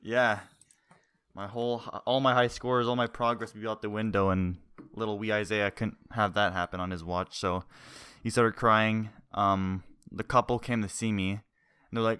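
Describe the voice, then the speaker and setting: A young man with a lowish, smooth and clear voice tells a long story in loose podcast chat. He rambles, swears freely and laughs as he goes. The sound is dry and close. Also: fairly even intonation, normal speed, sharp tone, no room sound. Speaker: podcast co-host.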